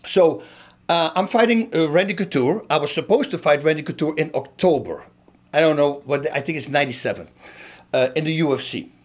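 A man's voice: a little high, a little fast. A middle-aged man, a former fighter, telling a story and breaking down a fight for his viewers in a casual, emphatic way. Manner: animated, emphatic, talks straight to viewers.

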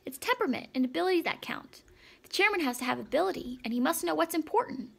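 A woman voicing Stuart, a tiny, dapper male mouse who talks in a brisk, commanding way as a substitute teacher in an audiobook story. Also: high voice, lively intonation, vocal fry. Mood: lecturing.

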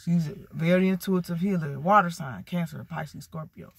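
A woman giving a casual tarot card reading, sassy and animated, talking straight to her viewers. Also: lowish voice, normal speed, gravelly, husky. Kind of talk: casual spiritual reading vlog.

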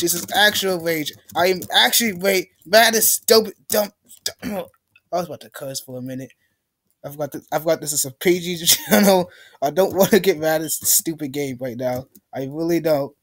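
A man's voice: a little high, fairly bright tone. A young man giving let's play commentary, ranting in frustration and pleading with the game. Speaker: gamer.

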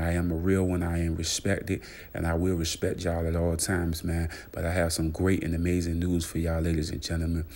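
Gravelly, deep-voiced man hyping his channel. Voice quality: gravelly low voice. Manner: repetitive hype with constant fillers and shout-outs. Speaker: channel host. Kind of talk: casual celebrity news vlog.

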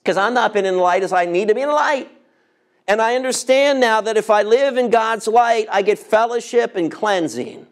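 Pastor in his fifties, tenor-high voice, impassioned sermon delivery with sudden hushed moments. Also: normal speed. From United States. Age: 50s. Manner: impassioned preaching, rhetorical questions, drops to near whispers on key words.

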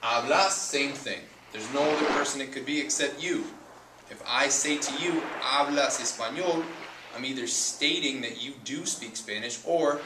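A man teaching a Spanish lesson, patiently repeating and spelling out words as he explains verb endings. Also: mid-range voice. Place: outdoors at a beach. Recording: roomy, distant mic with loud noise.

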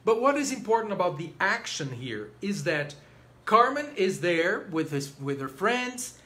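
A man's voice: high voice, a little slow. A man giving an informal lecture on an opera, acting out the characters and humming bits of arias. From Brazil. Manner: animated, acts out characters, hums snatches of arias.

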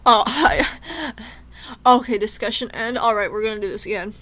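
A woman's voice: fairly high pitch, animated, moderate pace, fairly bright tone. A young woman commentating her own gameplay, talking to herself in a chatty, emotional way and shaken to the point of tears. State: tearful, shaken. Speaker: gameplay streamer. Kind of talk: let's play commentary.

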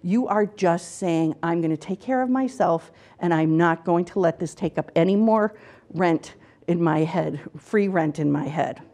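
A middle-aged woman who is an author and counselor gives earnest advice in a casual local TV studio interview, repeating her words and acting out quotes in dialogue. Her voice is on the low side, mellow, and unhurried.

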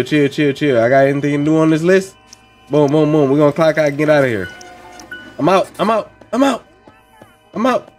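A man's voice: fairly high pitch, darkish tone. A young man hosting a let's play, repeating phrases in rhythmic bursts as he plays along. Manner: repeats lines in chanting bursts, talks along with the game. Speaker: gaming channel host.

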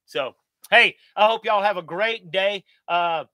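A man's voice: high-pitched, measured pace, pushed and bright, dry recording. A middle-aged American man, hosting a live Q&A stream in a folksy, upbeat way, talking straight to his viewers. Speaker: channel host.

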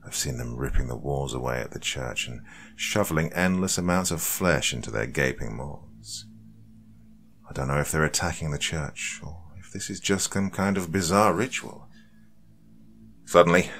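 A man with an extremely low, rumbling voice reads a horror story aloud. His delivery is measured and dark, in the manner of a podcast host narrating a first-person tale. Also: creaky, a little hiss or hum.

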